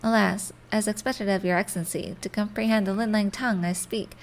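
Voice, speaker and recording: A woman's voice: mid-range voice, steady tone, a little fast, slight background noise, natural voice. A woman reading the lines of a pompous, melancholy male shrimp poet in a game, using flowery, old-fashioned wording in her own voice. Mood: lamenting.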